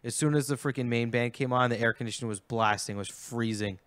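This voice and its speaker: A man's voice: mid-range voice, fast talker, a bit bright, dry recording. A man co-hosting a podcast, casually complaining about concert venues with lots of "like". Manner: complaining, heavy use of "like". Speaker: podcast co-host. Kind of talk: casual chat.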